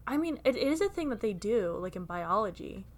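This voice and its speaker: A woman's voice: mid-range voice, big pitch swings, moderate pace. A woman co-hosting a podcast, chatting casually about a book, reading lines aloud and teasing them. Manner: playful, reads quotes aloud with teasing asides. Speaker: podcast co-host. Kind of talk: casual book-club chat.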